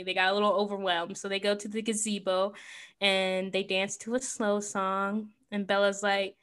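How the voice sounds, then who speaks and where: A young woman co-hosting a podcast, recapping a film in animated casual chat with lots of filler words. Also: medium pitch, moderate pace, clear, resonant tone. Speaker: podcast co-host.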